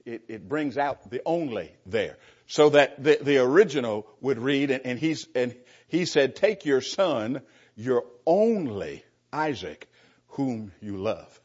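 A man's voice: medium pitch, a little mellow, husky, highs cut off. A man, a pastor, teaching a Bible class in an earnest, emphatic way and putting questions to the class.

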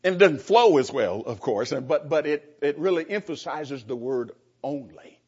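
A man's voice: on the high side, expressive, normal speed, a little mellow, breathy edge, highs cut off. A man, a pastor, teaching a Bible class in an earnest, emphatic way and putting questions to the class.

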